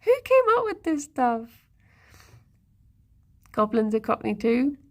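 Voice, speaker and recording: A woman's voice: fairly high pitch, sing-song, slow pace, darkish tone. A woman streamer in casual live-stream chat, musing aloud and talking to her viewers and pets. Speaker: livestreamer.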